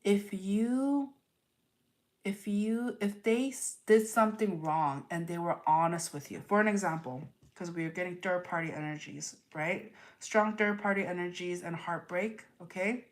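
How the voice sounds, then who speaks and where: A woman's voice: fairly low pitch, unhurried. A woman giving a live tarot reading, earnest and repetitive, full of rhetorical questions. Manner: earnest, repeats herself, asks rhetorical questions. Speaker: tarot reader.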